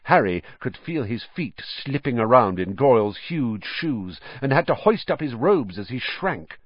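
A man narrating an audiobook with a vivid, expressive reading. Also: mid-range voice, a little slow, breathy edge, dry recording, dull audio.

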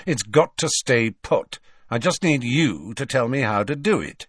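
A man's voice: mid-range voice, animated, unhurried, husky, no room sound, clean studio sound. A man reading an audiobook, voicing a sneering, arrogant teenage boy who talks with cold contempt. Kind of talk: audiobook character voice.

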